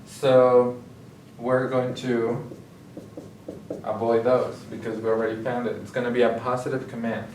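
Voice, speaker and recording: A man tutors step by step, pausing to check in with "okay?" as he explains. His voice sits at an ordinary pitch and sounds a little distant from the mic. The room around him is echoey, with a faint hiss underneath. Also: flat delivery, darkish tone. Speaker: Spanish tutor. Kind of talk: recorded grammar lesson.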